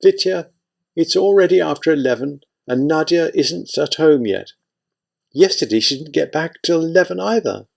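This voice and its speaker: A man reading an audiobook, voicing a worried, sharp-tongued middle-aged wife in a raised, tense pitch. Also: expressive, normal speed, vocal fry, full character voice.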